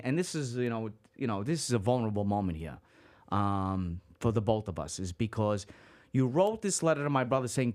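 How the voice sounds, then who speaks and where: A man hosting a podcast, his voice sitting at an ordinary middle pitch. He talks loosely and casually, stopping and restarting with plenty of fillers and the odd swear word. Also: expressive, a little fast, darkish tone. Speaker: podcast host. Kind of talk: casual interview chat.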